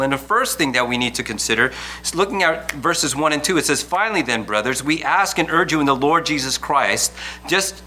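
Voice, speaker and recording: A man's voice: fairly high pitch, pushed and bright, a little hiss or hum. A man preaching a sermon as pastor, earnest and urging, often restarting his phrases.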